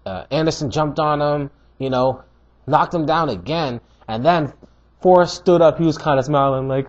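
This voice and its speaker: A man giving a casual, animated fight review, full of slang and emphatic repetition. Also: a little high, moderate pace. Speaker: MMA commentator. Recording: dull lo-fi recording.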